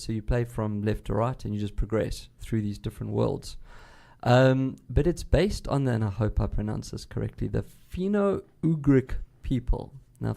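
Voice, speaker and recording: A man with a South African accent hosting a radio tech show, chatting loudly and rambling with frequent restarts in a studio. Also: mid-range voice, creaky. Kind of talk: casual radio chat.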